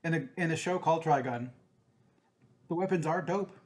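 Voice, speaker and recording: Excitable swearing man in casual chat. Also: on the high side, moderate pace. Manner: excitable, heavy swearing, acts out quotes. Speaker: podcast co-host.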